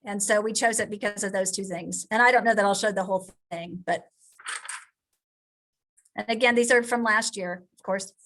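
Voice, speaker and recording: A woman's voice: mid-range voice, fairly even intonation, normal speed, fairly bright tone. A woman in her sixties, a drama coach giving frank, conversational advice with frequent restarts. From Kansas, USA. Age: 60s.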